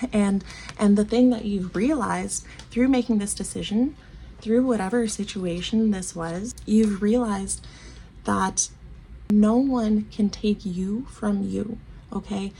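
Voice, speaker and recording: A woman with a gravelly, mellow voice gives a casual tarot reading straight to the listener. She gushes affectionately, chats with frequent ums and repeated words, and sounds close to tears. A faint hiss sits under her voice. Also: medium pitch, slow. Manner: gushing and affectionate, calls the listener babe; emotional, near tears, laughs often. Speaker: tarot reader.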